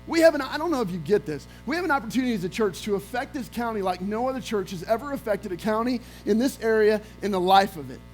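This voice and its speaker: High-voiced pastor preaching with energy. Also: male voice, fast talker, hardly any pauses, faint music behind, low-quality recording. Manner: energetic storytelling with acted-out quotes. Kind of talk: sermon. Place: church sanctuary.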